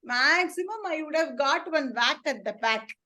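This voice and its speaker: A woman's voice: sits high, lively intonation, normal speed, bright, forceful tone. A woman voicing a frightened little male duckling who regrets running off. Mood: scared, regretful.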